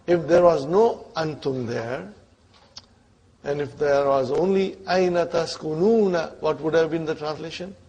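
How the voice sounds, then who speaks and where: A man's voice: fairly high pitch, dark tone, lo-fi sound. A man teaching an Arabic grammar lesson, quizzing his students and checking often whether they are following along. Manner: patient, repeats terms slowly.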